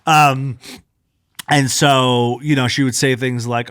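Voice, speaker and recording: A man rambles through family stories as a podcast co-host. He speaks at a middle pitch, heavy with fillers. The recording is close and dry. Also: measured pace, fairly bright tone, no room sound. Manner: rambling, frequent fillers, laughs at own stories. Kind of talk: casual chat.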